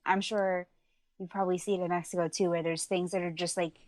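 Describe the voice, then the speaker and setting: A young adult woman from Long Island, New York, with the local accent, chats casually as a musician guest on a podcast interview. She speaks fast with a fairly low, flat delivery, laughing often and full of fillers like "like" and restarts. There's no room sound.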